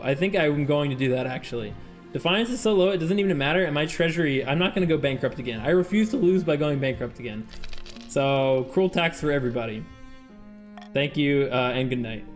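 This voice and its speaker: A streamer chatting casually with viewers during a game, laughing often and reading game text aloud. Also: medium pitch. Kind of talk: casual live-stream gameplay chat.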